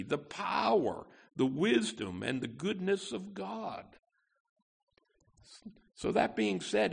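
Pastor, male, slow emphatic sermon delivery, gravelly husky voice. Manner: emphatic preaching with wide swings in pitch and loudness.

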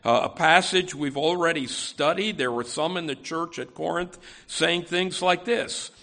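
A man's voice: on the high side, measured pace, creaky, pushed and bright. A man preaching an expository sermon. He talks conversationally, often saying "you know" and restarting phrases. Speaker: pastor.

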